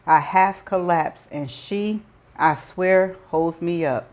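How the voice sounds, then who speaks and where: Woman host, low voice, reads a first-person novel aloud with chatty asides. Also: takes it slowly. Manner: adds her own chatty asides.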